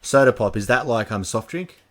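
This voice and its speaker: A man's voice: medium pitch, lively intonation, brisk, over loud music. A man hosting a reaction video, chatting casually and musing aloud from outside the US.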